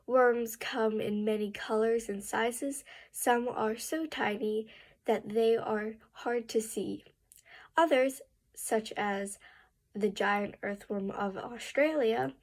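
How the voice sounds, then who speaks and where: A woman reading a book aloud slowly and carefully, with restarts and a rising pitch at sentence ends. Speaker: reading student.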